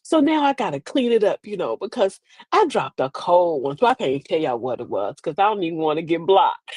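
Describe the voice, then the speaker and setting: A woman's voice: lowish voice, big pitch swings, moderate pace, slightly rough, no room sound. An older woman hosting a casual comedic chat, sassy and preachy, laughing through her asides. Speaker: host. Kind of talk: casual comedic storytelling to an online audience.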